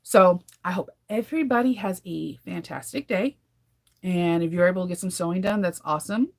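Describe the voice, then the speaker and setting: A woman in her thirties talks straight to her viewers in a relaxed daily vlog. She rambles from one thought to the next and laughs often between sentences. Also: on the low side, normal speed, vocal fry. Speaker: sewing vlogger. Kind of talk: casual daily vlog chat.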